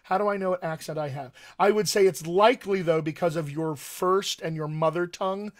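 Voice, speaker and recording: A man's voice: high voice, fairly quick. A man working as a dialect coach, answering viewer questions on a live stream in a friendly, encouraging way with frequent fillers.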